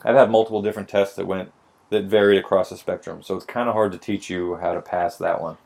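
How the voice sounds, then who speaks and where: Gravelly low-voiced man, wry and profane. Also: flat delivery, fast, a little mellow. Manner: profane, wry storytelling with mock dialogue. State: a little tipsy. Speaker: podcast co-host explaining police hiring. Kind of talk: casual drinking-podcast chat.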